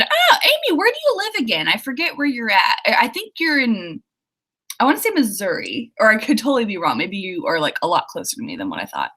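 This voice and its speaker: A young woman author hosts a writing livestream, her mid-range voice a bit bright. She chats casually and giggles while reading viewer comments.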